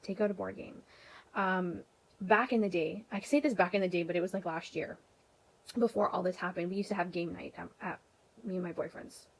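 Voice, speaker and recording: In a poorly recorded vlog clip, a young Canadian woman speaks briskly in a lowish voice. She's chatty and rambles a little, padding gaps with ums, you-knows and restarts as she talks to camera.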